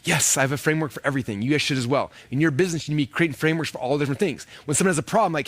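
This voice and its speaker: Fast-talking animated man. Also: fairly high pitch, no room sound. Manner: animated, acts out quoted dialogue with many fillers. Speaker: speaker teaching online business. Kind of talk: energetic seminar storytelling.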